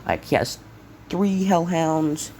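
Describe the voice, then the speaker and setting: A young man casually retelling an invented fan story, rambling with many fillers and self-corrections, coughing and clearing his throat now and then. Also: fairly high pitch, expressive, takes it slowly, a little mellow, slight background noise.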